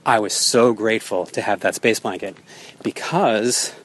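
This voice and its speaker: A man's voice: fairly low pitch, a little slow, slightly rough. Chatty man rambling through a race story. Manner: rambling, chatty, lots of ums and restarts, laughs at himself. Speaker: marathon runner recounting his race. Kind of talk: casual spoken recap.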